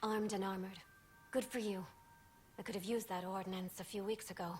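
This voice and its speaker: Actress as a shaken young officer, hushed and bitter, soft music behind. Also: female voice, mid-range voice, little pitch movement, moderate pace, lightly acted. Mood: weary. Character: shaken young female junior officer, a survivor. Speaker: game character.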